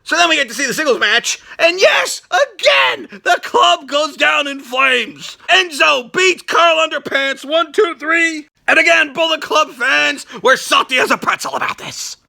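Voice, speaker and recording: A man hosting a wrestling reaction show, ranting loudly and sarcastically and swearing constantly. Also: extremely high pitch, lively intonation, measured pace, creaky, few pauses. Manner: loud, sarcastic, swears constantly, shouts often. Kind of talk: profane ranting review.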